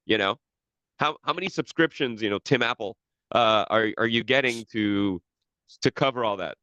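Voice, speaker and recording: A man chatting on a podcast, rambling and cursing freely, circling back over his own half-finished sentences. His voice sits in a middle pitch, and the recording sounds dry and a bit dull. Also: lively intonation, fairly quick, bright, forceful tone, no echo. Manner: rambling, profane, many restarts. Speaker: podcast co-host. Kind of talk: casual chat.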